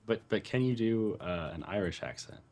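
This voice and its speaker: A man hosting a multiplayer game session, chatting casually and telling stories in a rambling, animated way. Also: fairly low pitch, normal speed. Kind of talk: casual gaming chat.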